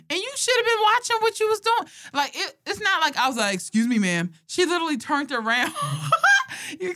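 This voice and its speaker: A woman's voice: on the high side, no echo, studio quality. A young woman telling funny personal stories in casual chat, laughing often and swearing freely. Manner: animated, laughing, profane storytelling.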